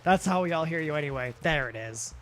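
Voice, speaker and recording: A man's voice: a little high, animated, a little fast, over music. A tired, sleepy man streaming a game late at night, rambling in casual chat with lots of fillers and restarts that trail off.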